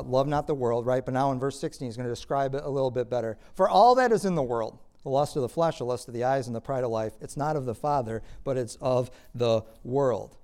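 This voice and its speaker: Pastor preaching emphatically. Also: male voice, medium pitch. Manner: swings from quiet explaining to loud emphatic preaching. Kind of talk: sermon.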